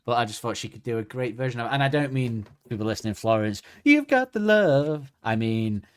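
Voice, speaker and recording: A man's voice: mid-range voice, fairly even intonation, quick pace. A man co-hosting a casual music podcast, rambling and hedging as he chats. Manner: chatty, rambling, hedging asides. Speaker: podcast co-host.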